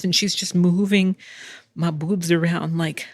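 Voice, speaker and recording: A woman's voice: on the low side, fairly even intonation, unhurried, no room sound. Woman podcast host, candid storyteller, frequent laughs, dry close sound. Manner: candid, chatty, laughs often, swears casually. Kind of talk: casual storytelling monologue. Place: home in Texas.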